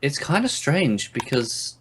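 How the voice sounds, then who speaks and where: A man's voice: fairly high pitch, big pitch swings, slow, fairly bright tone, slight background noise. A man, co-hosting a casual TV review chat, blunt and sarcastic, swearing freely. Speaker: podcast co-host reviewing TV.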